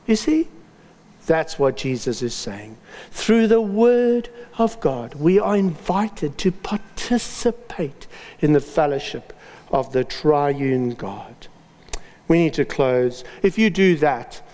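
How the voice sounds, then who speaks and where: A man preaching a sermon, telling personal stories with dramatic pauses and lively emphasis. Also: sits high, in a large hall.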